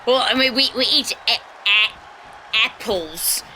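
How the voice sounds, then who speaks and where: A co-commentator with a New Zealand accent, playful and halting, stumbling over words in comedic wrestling commentary. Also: medium pitch, pushed and bright, a little hiss or hum, low-quality recording. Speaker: color commentator.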